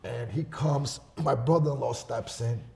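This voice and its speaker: A man on a podcast telling a story in a casual, profane way, swinging between loud bursts and hushed asides. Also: mid-range voice, unhurried, gravelly. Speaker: podcast guest.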